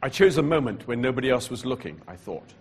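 A man with a husky, slightly rough voice tells his personal testimony from the pulpit. He talks slowly and deliberately, letting pauses carry the weight of the story. A frequent cough interrupts him. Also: mid-range voice, big pitch swings. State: coughing repeatedly. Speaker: preacher giving his testimony.

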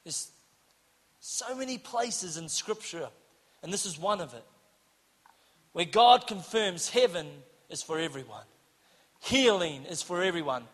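High, bright-voiced animated male preacher. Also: measured pace, pauses often, slightly rough, big-room sound. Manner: animated, acts out dialogue, shouts for emphasis. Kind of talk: sermon with storytelling.

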